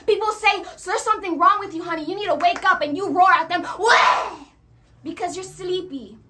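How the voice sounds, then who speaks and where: A woman preaching a sermon, animated and acting out quoted voices as she addresses the congregation. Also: extremely high pitch, quick pace, heavy background noise.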